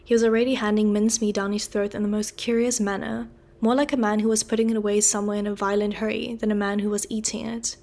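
A woman reading a classic novel aloud in an even, steady narrating voice. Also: medium pitch, fast talker. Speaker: audiobook reader.

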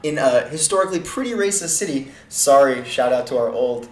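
A man in his twenties co-hosting a podcast in casual chat, chatty and quick to laugh, often restarting his sentences. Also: mid-range voice, animated. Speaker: podcast co-host. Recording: echoey room, faint background noise.

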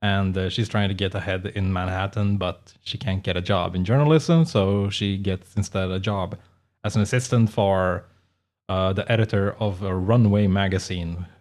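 A man's voice: sits low, fairly even intonation, moderate pace, darkish tone. A man co-hosting a podcast, telling rambling anecdotes in casual chat and laughing often. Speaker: podcast co-host.

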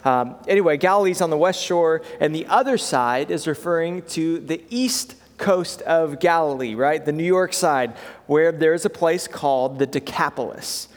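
A male pastor preaching in a relaxed, chatty way, often pausing with "um" and checking in with the congregation. His voice sits a bit higher than most men's and carries the long reverb of a church hall. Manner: conversational, with frequent fillers and "right?" check-ins. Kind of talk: sermon.

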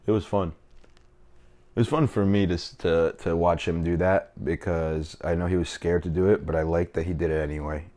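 A man's voice: deep voice, steady tone, a little fast, warm tone. A man hosting a casual solo podcast from his kitchen, rambling, swearing and joking at his own expense. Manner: profane, rambling, self-mocking. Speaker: comedian and podcast host. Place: home kitchen.

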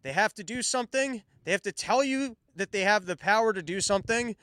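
A man's voice: high-pitched, animated, a little fast, sharp tone, smooth, no room sound. A man hosting his own show, commenting on the news in a sarcastic, profane rant. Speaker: podcast host.

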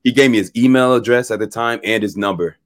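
A man's voice: medium pitch, quick pace, no echo. Young guy telling a story on a podcast, laughs a lot, acts out the quotes, dry close mic. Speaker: guest musician. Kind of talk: casual interview storytelling.

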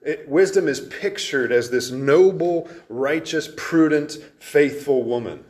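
A man's voice: on the high side, takes it slowly, a little mellow. A man preaching an expository sermon in an earnest, emphatic way, with frequent restarts as he explains the verses.

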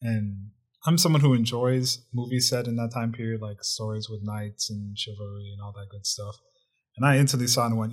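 A man's voice: medium pitch, steady tone, brisk, a little mellow. A man co-hosting a casual movie review chat, telling the plot in a joking, wry way. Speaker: podcast co-host.

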